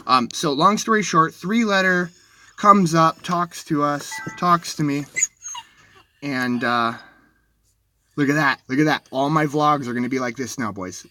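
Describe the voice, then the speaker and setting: A man's voice: fairly high pitch, unhurried, sharp tone, a little hiss or hum. A man livestreaming from inside a vehicle, telling a story in a rambling, shaky way, full of restarts and self-corrections. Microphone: dashboard camera.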